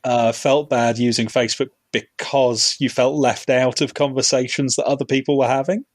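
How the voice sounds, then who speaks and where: A chatty host guides a casual film club discussion and laughs easily. The voice sits at a middle pitch and sounds dry and close, as over a video call. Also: flat delivery, normal speed, dry recording.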